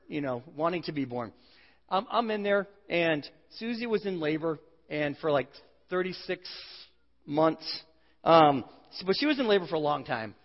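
Pastor, male, 40s, humorous storyteller, muffled recording. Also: a little high. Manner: humorous storytelling, self-deprecating. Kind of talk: sermon. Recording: dull sound with long hall reverb.

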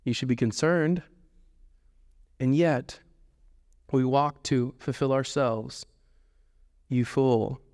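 A man in his thirties preaching a sermon as pastor, animated, jumping up in pitch when he acts out quoted voices. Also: slow, pauses often, long reverb tail.

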